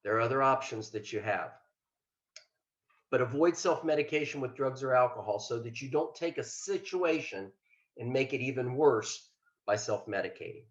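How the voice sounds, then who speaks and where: Earnest older man, roomy dull recording. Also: medium pitch. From Ohio. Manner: earnest, plainspoken, folksy with self-deprecating asides. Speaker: mental health liaison, former state trooper. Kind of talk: webinar presentation.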